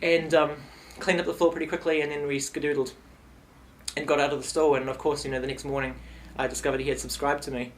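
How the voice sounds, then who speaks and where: Young male vlogger; loose, playful comic storytelling with a somewhat high pitch. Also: quick pace, a little hiss or hum. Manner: rambling, playful, animated retelling.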